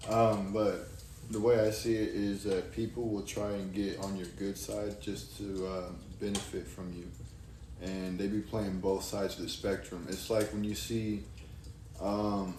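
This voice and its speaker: A young man, co-hosting and explaining his view in a slow, slightly foggy, steady way. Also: on the low side. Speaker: podcast co-host. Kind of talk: casual explanatory chat. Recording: distant roomy mic, faint noise.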